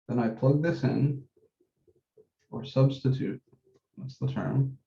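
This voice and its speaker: A man teaching a math class, working through each step methodically and repeating the key points, slowing down on the numbers as he writes. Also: mid-range voice, steady tone, gravelly, dark tone. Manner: methodical, repeats key steps, says numbers slowly while writing. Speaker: math instructor. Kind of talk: classroom lecture. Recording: dull echoey classroom recording.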